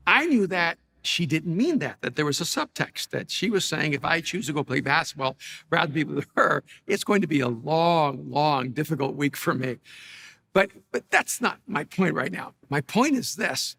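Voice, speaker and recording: A man's voice: on the high side, animated, moderate pace, gravelly, sharp tone, husky. A middle-aged male pastor giving a conversational sermon, telling stories with humor and frequent restarts. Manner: storytelling with many restarts and self-deprecating humor.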